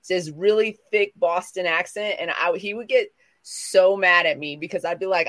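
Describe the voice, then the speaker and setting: A woman from the American South talks in a loose, chatty way, drifting from one thought to the next and restarting mid-sentence. Her voice sits a touch low for a woman. The feel is a relaxed co-host chatting on a live stream. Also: normal speed. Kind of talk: casual chat.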